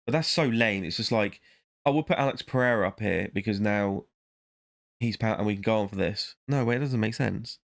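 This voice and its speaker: A man's voice: on the low side, a little fast, vocal fry. A man vlogging in a casual, rambling monologue, talking to himself and breaking off mid-thought. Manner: rambling, self-interrupting, muttering to himself.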